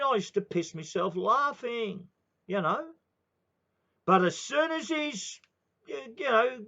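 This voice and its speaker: A man's voice: high voice, fairly bright tone. Ranting Aussie man in his sixties, lo-fi. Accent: Australian. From Australia. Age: 60s. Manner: swearing, heated, repetitive. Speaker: political commentator. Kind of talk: ranting monologue. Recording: dull lo-fi recording.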